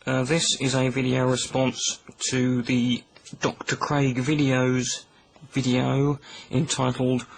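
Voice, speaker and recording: A British man delivering a deadpan, mock-angry comedic rant to camera, overblown and dry. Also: medium pitch, gravelly, slight background noise, poor audio. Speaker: YouTuber.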